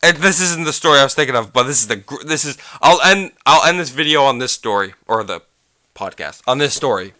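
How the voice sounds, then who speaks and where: A man's voice: mid-range voice, lively intonation, a little fast, sharp tone, no room sound. A young man telling work stories on a casual solo podcast, rambling, restarting sentences, swearing often and losing his train of thought. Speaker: podcast host.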